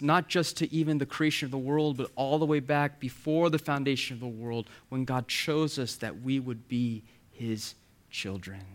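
A male pastor delivers a sermon with earnest emphasis, slowing down to stress key words. His voice sits in a middle register, and he sometimes sinks into a soft, near-whispered hush to drive a point home. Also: mid-range voice.

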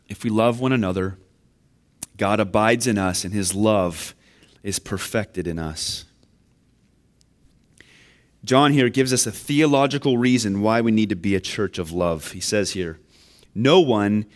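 A man's voice: fairly low pitch, a little slow, long pauses. A man preaching a sermon, earnest and building to emphatic questions. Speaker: pastor.

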